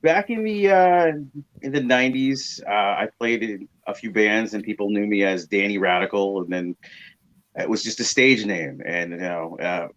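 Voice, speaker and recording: A man's voice: fairly low pitch, normal speed, a bit bright. A middle-aged male guest tells a story in a chatty, easygoing way and laughs easily along the way. His voice comes through dull and muffled over lo-fi remote audio. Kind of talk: casual storytelling interview.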